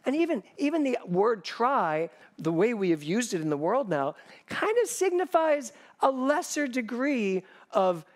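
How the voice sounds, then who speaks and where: Lively, high-pitched man preaching a sermon. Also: moderate pace. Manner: animated, conversational preaching with jokes and asides. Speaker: spiritual director.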